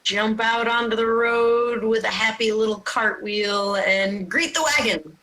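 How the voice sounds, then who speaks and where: Woman player at a tabletop game, slow, bright, bit high. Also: steady tone, poor audio. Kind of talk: casual tabletop chat.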